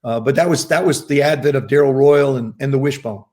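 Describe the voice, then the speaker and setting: A man's voice: mid-range voice, a little fast. A man in his seventies from New Jersey, a podcast guest telling long anecdotes and acting out the people he quotes. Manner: anecdotal, acts out quoted voices with lively emphasis. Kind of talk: casual storytelling interview.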